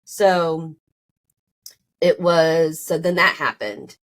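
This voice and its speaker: Woman, thirties, low voice, emotional rambling storytelling, lots of fillers. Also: extremely slow. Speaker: podcast guest telling her story. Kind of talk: casual storytelling.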